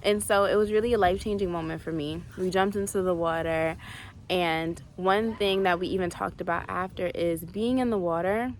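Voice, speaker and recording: Candid woman vlogger, lowish voice. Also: normal speed, slight background noise. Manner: candid, emotional, lots of "like" fillers. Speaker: travel vlogger. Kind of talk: casual storytelling to camera.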